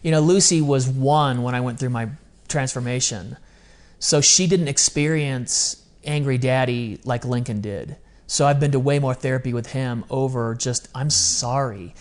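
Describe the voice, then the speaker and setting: This podcast guest speaks in a medium-pitched voice at a moderate pace. In a candid interview, he tells earnest, open, confessional stories and often slips into quoting his own past dialogue.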